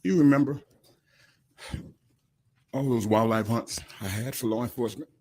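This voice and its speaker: A man, crying as he gives an emotional, halting victim statement at a courtroom podium microphone. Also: mid-range voice, mellow. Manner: emotional, halting, breaks off mid-sentence.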